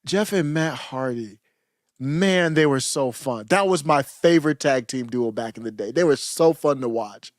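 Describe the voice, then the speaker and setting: Talking at normal speed in a mid-range voice, a man co-hosts a podcast with clean studio sound and no echo. The chat is relaxed and nostalgic, and he often lets sentences fade before restarting them.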